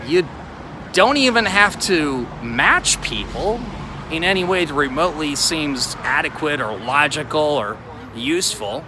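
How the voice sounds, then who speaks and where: A man's voice: a little high, animated, measured pace. A man hosting a casual walking livestream outdoors, rambling and poking fun at himself, filmed on a phone on a selfie tripod. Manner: rambling and self-mocking. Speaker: podcast host. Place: city street outdoors. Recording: outdoor street with traffic noise.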